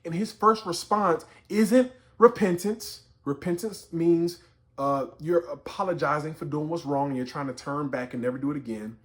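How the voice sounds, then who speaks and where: A man's voice: a little high, moderate pace. A man teaching a Bible story in a conversational way, building to emphatic outbursts. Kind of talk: explaining scripture to camera.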